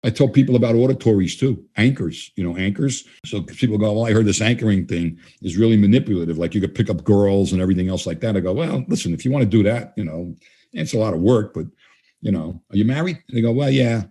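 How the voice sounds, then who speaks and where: A guest trainer fields interview questions, spinning animated stories and playing both parties in the conversations he recounts. His fairly low voice comes quickly and carries a breathy edge.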